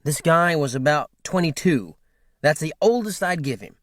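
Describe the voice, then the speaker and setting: An audiobook narrator reads an unabridged book in a steady, wry storytelling manner. His voice is fairly high and moderately paced, and the scripted narration is studio quality with no room sound.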